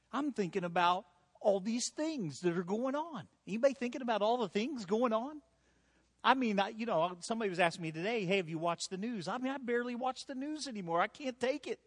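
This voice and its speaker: A male pastor preaching a sermon in a conversational way, with self-deprecating humor, in a church hall. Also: very high voice.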